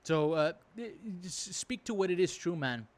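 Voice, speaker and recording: A man's voice: sits high, expressive, a little slow. A man giving a rambling, profane reaction commentary, indignant and exasperated, with lots of fillers. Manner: indignant, exasperated, swears freely. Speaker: reaction video host.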